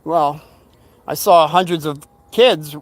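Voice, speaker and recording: A man's voice: on the high side, takes it slowly, no room sound. An older man casually telling a rambling story from his youth, acting out what people said. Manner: rambling, animated retelling with acted-out quotes.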